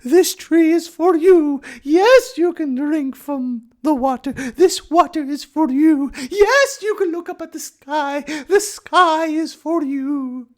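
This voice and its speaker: A man voicing Mother Earth as a generous, majestic female spirit in a sweet, high voice. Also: slow pace, few pauses, a little mellow.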